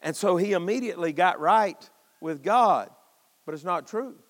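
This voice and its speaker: A man's voice: sits high, lively intonation, normal speed, in a large hall. A man preaching an impassioned, folksy sermon to his congregation, calling out to them as he goes. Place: church sanctuary.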